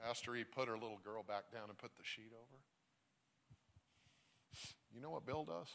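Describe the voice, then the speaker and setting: A middle-aged man preaching a sermon as a traveling evangelist, telling a story with big swings from shouting to hushed tones. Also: lowish voice, moderate pace, pauses often.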